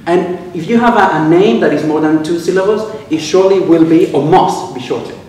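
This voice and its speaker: A man from Venezuela with a Venezuelan Spanish accent, giving a humorous speech at a club and pausing for laughs as he tells stories. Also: a little high, darkish tone, a little hiss or hum. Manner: storytelling with quoted exchanges, pausing for audience laughs. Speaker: club speaker. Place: club meeting room. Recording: echoey room, miked from a distance.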